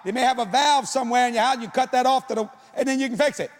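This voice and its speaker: A man who preaches, telling a comic story in an animated way and often breaking into shouts. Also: very high-pitched, very fast.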